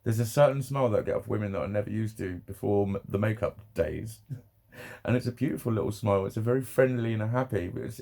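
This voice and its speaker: Low gravelly emotional man. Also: mellow. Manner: rambling, emotional, laughs often, swears a lot. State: emotional, near tears. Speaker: vlogger. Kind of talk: emotional personal vlog.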